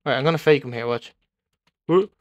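A young man commenting live on his own gameplay, excitable and repeating words in bursts as he taunts other players. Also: mid-range voice, quick pace. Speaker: gaming video creator.

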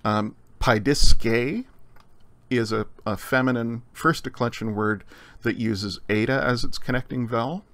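Man, Greek teacher, recorded lecture, gravelly voice, measured explanations, dry close sound. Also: medium pitch, steady tone, a bit bright, no echo. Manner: measured, explanatory, with frequent fillers.

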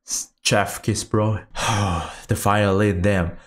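A man, a VTuber from Indonesia, gives an excited, hoarse reaction commentary. He yelps and hums along with the trailer music. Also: very slow. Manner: bursts into high-pitched screams and hums along with the music. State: hoarse from screaming.

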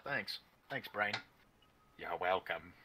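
A man's voice: sits low, lively intonation, slow, pushed and bright, a little hiss or hum. A man playing a co-op video game with friends, joking around with crude banter and laughing often. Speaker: gamer playing co-op. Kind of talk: casual co-op gaming chat.

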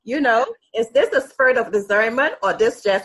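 A woman's voice: a little high, moderate pace, fairly bright tone, breathy edge. A woman hosting an interview, asking long, searching questions. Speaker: host.

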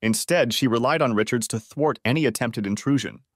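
A man's voice: mid-range voice, fairly quick, no echo, studio quality. Man narrating an audiobook drama.

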